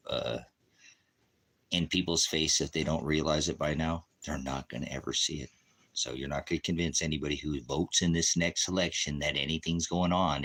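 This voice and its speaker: A man's voice: rumbling low, pushed and bright. A man preaching casually on a live stream from home, rambling, joking and talking to his dogs.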